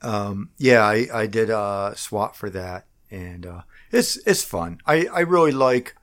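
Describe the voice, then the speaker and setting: Man, middle-aged, low pitch, halting, rambling, candidate interview. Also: animated, fairly bright tone. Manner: halting, rambling, frequent restarts. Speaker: political candidate. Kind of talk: casual interview talk.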